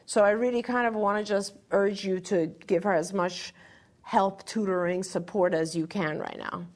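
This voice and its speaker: Fielding questions from parents as a podcast co-host, this middle-aged woman offers sincere encouragement, frequently starting her sentences over. Her pitch is medium, her intonation fairly even, and her pace moderate.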